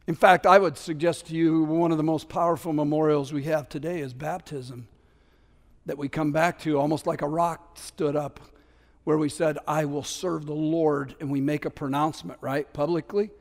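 A man preaching a sermon as pastor, animated and conversational, acting out scripture voices and slipping into casual asides. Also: a little high, normal speed. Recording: long hall reverb.

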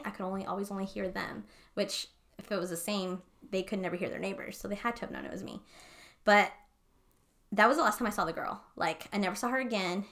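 A young woman tells a story on a podcast in a loose, casual ramble. She swears freely and talks at an ordinary pitch. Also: a bit bright. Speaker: podcast co-host. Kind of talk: casual chat.

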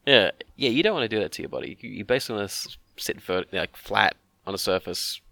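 Man, low voice, casual rambling chat, podcast co-host. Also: expressive, quick pace, gravelly, pushed and bright, no echo. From Australia. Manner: rambling, joking asides with restarts.

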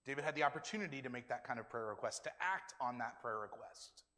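A man's voice: mid-range voice, lively intonation, quick pace, sharp tone. A male pastor preaching a sermon in a conversational way, acting out the quoted lines with his own voice. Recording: long hall reverb.

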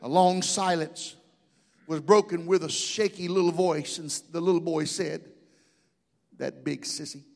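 A man's voice: on the high side, steady tone, moderate pace, darkish tone. A middle-aged man pastor preaching a sermon in a church, impassioned, with call-and-response asides. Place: church sanctuary. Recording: long hall reverb.

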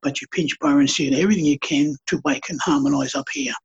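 A man with a very husky, breathy voice that sits a little high. He talks about spirituality and tells stories with passionate, preacher-like conviction. The recording sounds dull and lo-fi. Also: fairly even intonation, quick pace. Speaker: podcast guest, artist and healer. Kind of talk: casual spiritual conversation.

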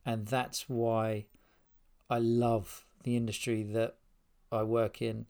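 A man's voice: medium pitch, level tone, slow pace, a little mellow. A middle-aged man hosting his podcast, talking unscripted and heartfelt from his spare room, rambling with many restarts. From Spain and England. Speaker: podcast host. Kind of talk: unscripted personal address.

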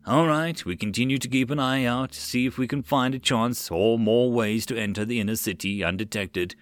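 A man voicing a calm, careful adult male team leader giving quiet orders in a storybook reading. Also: medium pitch, a little fast, no room sound, lightly acted.

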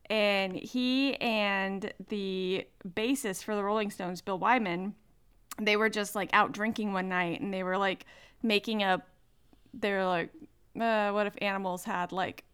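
Chatty woman with a smooth voice. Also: mid-range voice, fairly even intonation, slow pace, fairly bright tone. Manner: chatty, lots of fillers and laughter. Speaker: podcast co-host. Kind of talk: casual chat.

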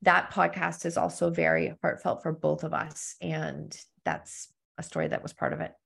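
Woman guest on a live stream, low-ish gravelly voice, earnest and candid, telling her own story over a call mic. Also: steady tone, normal speed, a bit bright. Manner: earnest, candid, speaks in personal anecdotes. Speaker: guest, storytelling business coach. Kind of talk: live-stream interview chat.

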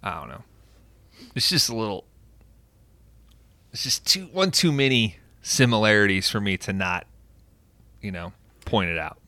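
Male podcast host, low and bright, animated profane storyteller, dry sound. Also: moderate pace, long pauses, dry recording. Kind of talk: casual film recap.

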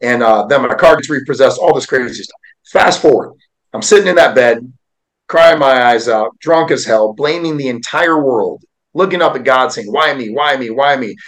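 A man's voice: mid-range voice, expressive, moderate pace, rough recording. A man in his forties, a podcast guest, telling an emotional personal story with an earnest, heartfelt delivery. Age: 40s.

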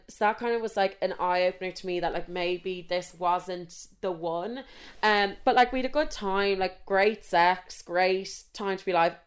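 A young woman telling a story in a casual way. She talks frankly, swears a lot, mocks herself and uses many fillers. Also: medium pitch.

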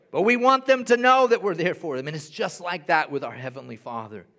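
A young man preaching in a church with a slightly raised pitch. He moves between hushed, intimate passages and loud, rising ones. He repeats key phrases to drive them home. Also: expressive, normal speed. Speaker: pastor. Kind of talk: sermon.

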